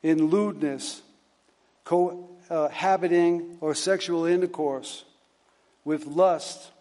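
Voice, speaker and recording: A man preaching a sermon, retelling a story and reading scripture in a halting way, with many repeated words and fillers. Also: on the high side, steady tone, dark tone, big-room sound.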